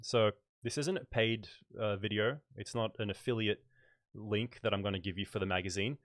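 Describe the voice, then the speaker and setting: A man with a light Australian accent talks casually to his livestream viewers. His voice sits fairly low and sounds close and dry. He thinks aloud as he goes, with easy fillers along the way. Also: steady tone, normal speed, a bit bright, no echo. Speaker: photography YouTuber hosting a livestream.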